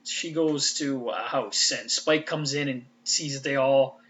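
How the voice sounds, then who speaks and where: A man's voice: medium pitch, measured pace, a bit bright, a little hiss or hum. Chatty swearing man, muffled lo-fi sound. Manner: loose and chatty, swears freely, trails off and restarts. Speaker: fan commentator. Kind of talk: casual rambling recap.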